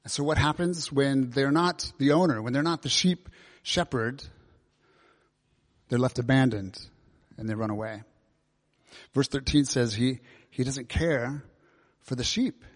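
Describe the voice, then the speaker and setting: A man gives a sermon in a relaxed, conversational manner. He leans on questions to the congregation, and his voice carries a long reverb from the large hall around him. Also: mid-range voice, measured pace, pauses often. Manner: conversational, asks many questions. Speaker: preacher.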